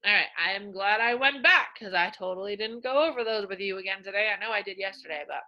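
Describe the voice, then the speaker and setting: A woman teacher giving a slow, coaxing reading lesson to young children, sounding out words in a sing-song way. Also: mid-range voice, muffled recording.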